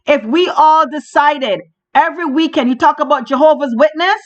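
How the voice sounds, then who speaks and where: A woman's voice: high-pitched, normal speed. A woman hosting a podcast, delivering a fiery political monologue from Canada, emphatic and repetitive as she rallies listeners. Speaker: podcast host. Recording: dull lo-fi audio.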